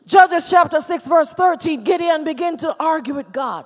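A man preaching a sermon with fervor, shouting in bursts and then dropping to hushed tones. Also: very high voice, normal speed. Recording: long reverb of a large hall.

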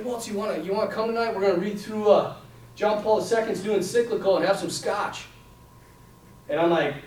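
A man telling a lively, self-mocking story to a crowd, acting out the voices of the people in it. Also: high-pitched. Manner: animated, self-mocking, acts out quoted voices. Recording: echoey room from a distance.

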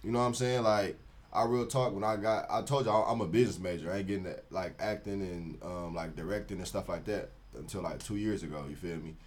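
A man's voice: low-pitched, fairly even intonation, fast talker. A young man, a show creator, talking casually as a podcast guest, laid-back and filling his speech with "you feel me".

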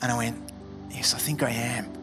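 A man's voice: mid-range voice, fairly even intonation, normal speed, music in the background. A man preaching a sermon as a pastor, conversational and joking, acting out quoted voices. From Australia.

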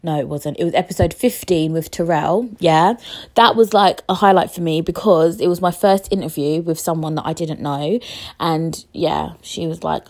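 A young woman hosts her own podcast solo, chatting casually while swearing and poking fun at herself. Her low, darkish voice moves at a moderate pace, and her talk is chatty, emotional, profane, and self-mocking.

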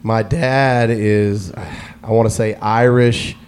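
A man's voice: fairly low pitch, fairly even intonation, slow, a little mellow, a little hiss or hum. A man being interviewed, who tells a long story about his past as a DJ. He rambles, often starts a phrase twice, and laughs easily as he goes. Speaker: guest DJ.

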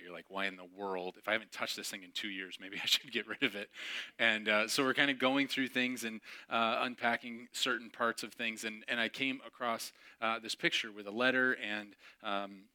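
Chatty storytelling man, bright voice. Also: lowish voice. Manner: chatty, self-mocking, acts out dialogue with laughs. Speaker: pastor. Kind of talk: sermon storytelling.

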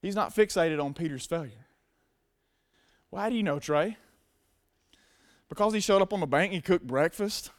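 A man's voice: sits high, normal speed, pauses often. A man preaching a sermon to a congregation, emphatic and casual. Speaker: pastor.

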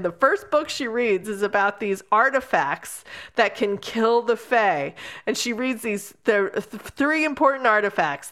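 A woman co-hosting a casual book chat, sarcastic and animated, swearing freely as she rants about a novel. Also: mid-range voice. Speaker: book podcast co-host.

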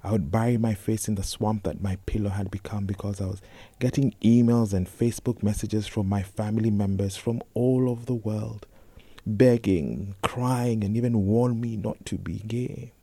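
A young man telling a personal story in a slow, intense spoken-word reading, often sinking to a whisper. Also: on the low side, steady tone, dark tone, slightly rough, no room sound. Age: young adult.

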